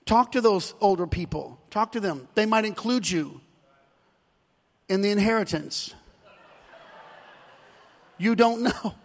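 A male pastor delivers a sermon in a church sanctuary, his voice sitting very high for a man. He swings from ringing, shouted climaxes to low, confiding asides, and a long hall reverb trails each phrase. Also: animated, slow, long pauses.

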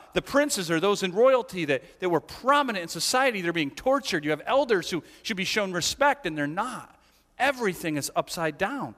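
A man's voice: sits high, a bit bright, in a large hall. A man preaching a sermon as pastor, talking conversationally and animatedly with many rhetorical questions, in a church sanctuary.

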